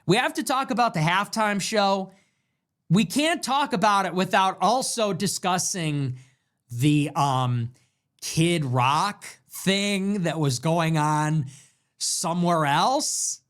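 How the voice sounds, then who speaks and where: A man's voice: high voice, lively intonation, takes it slowly, fairly bright tone. A young man hosting his own livestream, ranting and joking sarcastically about the news. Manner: mocking, joking, rants. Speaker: political streamer host.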